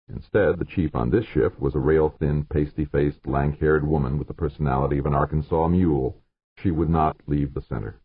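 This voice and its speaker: A man reading an audiobook as narrator, measured and gravelly. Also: very deep voice, no echo. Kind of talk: scripted narration. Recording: narrow phone-like sound, dry.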